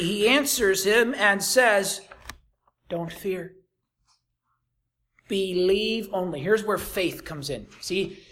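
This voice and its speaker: A pastor preaching a sermon, reading scripture aloud and swinging dramatically from soft to loud with rhetorical questions. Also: mid-range voice, slight background noise. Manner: reads scripture in King James wording.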